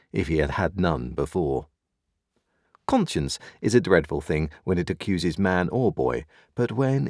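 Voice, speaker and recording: A man with a very low voice narrates a classic novel with lively, expressive inflection. The recording is dry and close, with no room sound. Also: no room sound. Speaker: audiobook narrator. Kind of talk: scripted narration.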